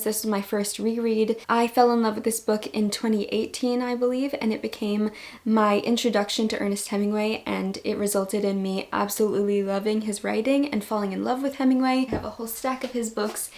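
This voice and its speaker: A woman's voice: mid-range voice, a little mellow. A young woman in a casual book review vlog, talking to her viewers with gushing enthusiasm about the books she loves. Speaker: book vlogger.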